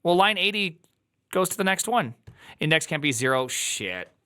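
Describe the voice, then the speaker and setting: A man's voice: sits high, lively intonation, moderate pace, pushed and bright, no echo. A man streaming live while coding, talking to his chat in an exasperated, rambling way.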